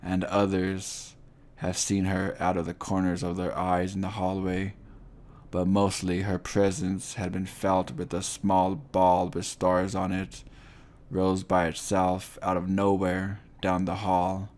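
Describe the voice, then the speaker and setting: Male narrator, very low and monotone, unhurried, somber horror storytelling. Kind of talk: scripted ghost-story narration.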